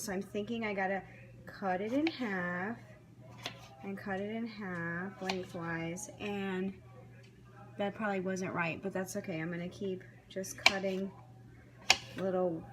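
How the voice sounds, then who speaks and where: A woman's voice: mid-range voice, steady tone, slow pace, long pauses, background noise. A woman talking casually to the camera as she chops vegetables and cooks at home, thinking aloud as she follows a recipe. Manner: chatty, thinking aloud while chopping. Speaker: home cook. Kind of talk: casual cooking vlog narration. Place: home kitchen. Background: clatter of knives, dishes and pans.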